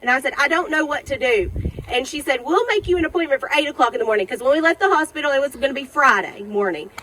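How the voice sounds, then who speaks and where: Middle-aged woman, high voice; emotional eulogy delivered outdoors with clear traffic noise behind her. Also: animated, rapid-fire, pushed and bright, low-quality recording. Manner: emotional storytelling, acting out remembered dialogue. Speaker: daughter giving a eulogy. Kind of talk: personal graveside eulogy. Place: outdoor cemetery graveside.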